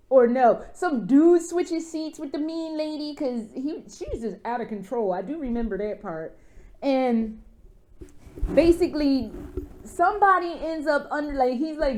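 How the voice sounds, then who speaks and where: A woman vlogger in a rambling, profane, animated rant, full of fillers and restarts. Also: sits high. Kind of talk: casual rant.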